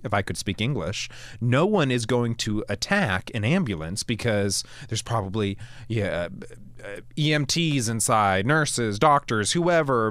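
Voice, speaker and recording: An animated man hosts a Christian talk show, his voice lively and expressive and rising high when he voices others. He talks in a loose, conversational way, often restarting his sentences. The sound is dry and close. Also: no room sound. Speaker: podcast host. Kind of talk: casual Christian commentary.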